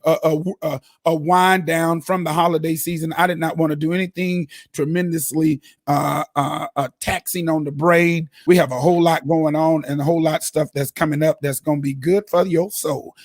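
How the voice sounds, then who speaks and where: A man with a high, gravelly, husky voice hosts a casual sports talk show. He talks in an excitable, preacher-like way full of fillers and restarts, recorded close and dry. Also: moderate pace, few pauses, no echo. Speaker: host.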